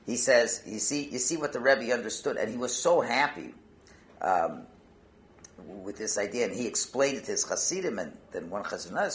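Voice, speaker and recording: A man, a rabbi, giving a Torah talk, telling a Hasidic story and peppering it with Yiddish and Hebrew words, his volume swinging from hushed to loud. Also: medium pitch, vocal fry.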